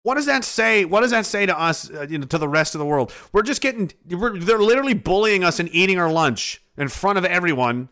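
This Canadian man's high-pitched, sharp voice races along briskly with few pauses and lively intonation. Streaming live, he fires off a heated, profane political rant, mimicking others' voices in mockery.

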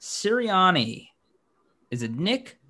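A man co-hosting a sports podcast in casual chat, animated and quick to laugh, his pitch jumping up when he gets excited. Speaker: podcast co-host.

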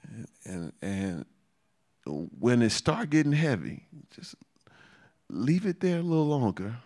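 Male preacher, unhurried delivery, repeats lines for emphasis, laughs between points. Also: mid-range voice, big pitch swings, a little mellow. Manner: repeats phrases for emphasis, chuckles often. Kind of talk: sermon.

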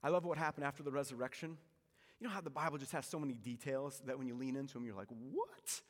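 A pastor preaching a sermon, swinging between forceful emphasis and hushed, soft lines. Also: male voice, mid-range voice, steady tone, very fast, big-room sound.

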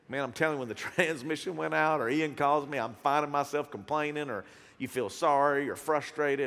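Animated preaching man, reverberant hall. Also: mid-range voice. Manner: animated, earnest preaching with sudden loud bursts. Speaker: pastor. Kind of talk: sermon.

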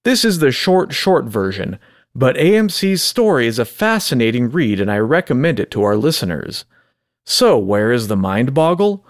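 A man's voice: medium pitch, very animated, normal speed, no room sound, clean studio sound. A man co-hosting a podcast, chatting casually and reading out segments in a joking, self-deprecating way. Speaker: podcast co-host.

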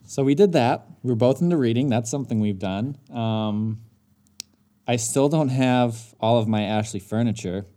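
A man's voice: mid-range voice, normal speed. A man co-hosting a podcast, telling a story in casual chat and getting worked up as he goes. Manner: animated, gets worked up, mimics others in his story. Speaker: podcast co-host.

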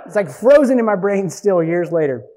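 A man in his forties preaching from the pulpit with a fairly high voice. He tells stories with animated energy and jumps from loud, punchy bursts to quiet, hushed asides. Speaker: pastor. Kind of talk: sermon with personal storytelling.

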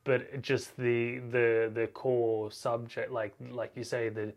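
A man's voice: mid-range voice, little pitch movement, slow pace. A young man hosting a podcast in casual chat, laid-back and self-deprecating, often trailing off and restarting. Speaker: podcast host.

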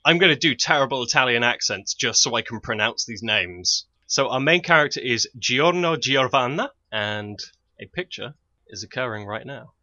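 A man's voice: mid-range voice, normal speed, bright, forceful tone, no echo, dull audio. A man hosting a casual podcast chat, explaining with enthusiasm and laughing often. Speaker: podcast host.

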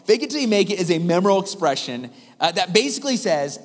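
High-voiced pastor preaching in an echoing hall. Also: male voice, fast talker. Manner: animated, conversational, asks the congregation questions. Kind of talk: sermon with storytelling. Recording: hall reverb.

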